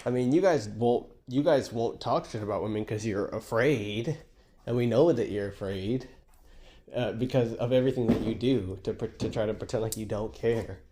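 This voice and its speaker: A man's voice: on the low side, normal speed, dark tone, slight background noise. Sarcastic ranting man. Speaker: streamer reacting to a clip. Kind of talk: sarcastic rant commentary.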